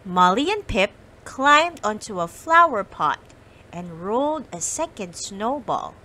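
A woman teacher reading a picture book aloud to children, slow and expressive. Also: mid-range voice, low-quality recording. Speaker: storyteller teacher. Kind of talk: read-aloud storytelling for kids.

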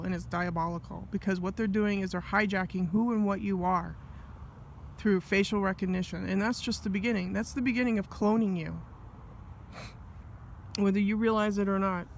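A vlogger speaks alone at a moderate pace, high-voiced and creaky, his tone steady even though he's angry. The monologue rambles as he drifts into asides and restarts sentences, with faint hiss beneath.

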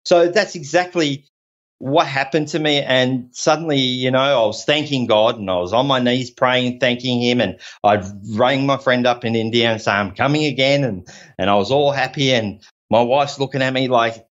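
A man's voice: mid-range voice, normal speed, fairly bright tone. A man from Australia, a podcast guest telling a personal story in an earnest, rambling way, repeating himself and restarting often. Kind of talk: personal story told in conversation. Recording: dull lo-fi audio.

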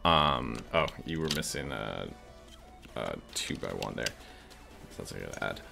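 A man's voice: rumbling low, animated, normal speed, creaky, bright, forceful tone, faint music behind. A man co-hosting a livestream, chatting casually and joking while building. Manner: chatty, laughs often, jokey. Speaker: co-host.

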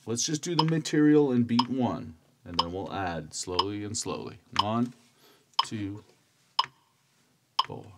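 A man teaching a stringed-instrument lesson, calmly counting beats and chanting strokes. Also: lowish voice, slow, long pauses, heavy background noise. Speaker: music teacher. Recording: loud instrument playing under voice. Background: cavaquinho playing.

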